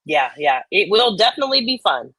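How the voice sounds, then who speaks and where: Brief: laid-back woman host, mid-pitched voice, dry close mic, reading comments. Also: very animated, fairly quick, a bit bright, breathy edge, no echo, low-quality recording. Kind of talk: casual livestream chat.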